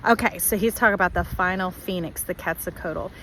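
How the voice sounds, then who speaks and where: A woman giving a spiritual tarot reading to her viewers, animated and playfully acting out their voices. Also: on the low side, a little fast, slight background noise, low-quality recording. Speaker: tarot reader.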